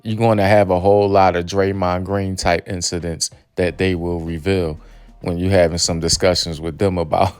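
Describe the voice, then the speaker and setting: Smooth low man doing commentary. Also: little pitch movement, normal speed, a little mellow, no room sound, faint music behind. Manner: conversational, recapping. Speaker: channel host, commentator. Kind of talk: commentary voice-over.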